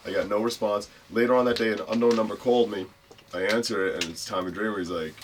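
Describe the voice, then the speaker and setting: A man's voice: on the low side, fast talker, slight background noise. A man telling a wrestling story in casual, profane talk, jumping into voices for the people he quotes. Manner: profane, animated, acts out quotes in changing voices. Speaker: guest wrestler.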